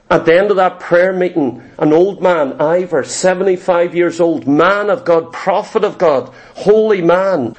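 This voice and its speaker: A man's voice: high voice, a little mellow. A middle-aged man preaching a sermon, telling a personal story in an earnest, emotional way with many repeated phrases. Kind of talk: sermon testimony.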